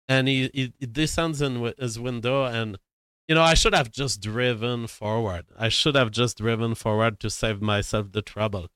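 A man's voice: mid-range voice, moderate pace, a bit bright, clean tone, no room sound. A man from Canada telling a rambling, profane, self-dramatizing anecdote. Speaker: storyteller. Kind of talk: casual anecdote.

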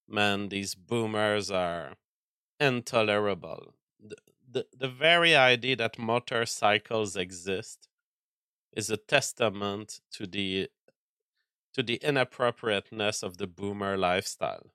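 A man's voice: lowish voice, measured pace, sharp tone, smooth, no room sound, studio quality. A man hosting a casual livestream, answering chat with mock-angry, profane rants and stammering restarts. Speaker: livestream host reading chat.

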